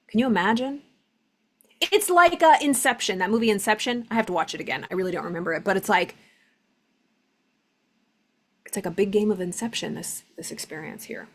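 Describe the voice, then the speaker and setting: This spiritual teacher speaks quickly in a mid-range voice with lively intonation. Her lesson is casual and conversational, full of "like" fillers, and she reads passages aloud.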